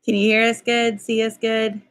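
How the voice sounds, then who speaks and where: A woman's voice: fairly high pitch, completely flat delivery, moderate pace, clean tone. A woman co-hosting a casual homestead livestream, laughing often and greeting viewers by name. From Kentucky. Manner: giggly, reads out viewer names. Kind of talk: casual live chat.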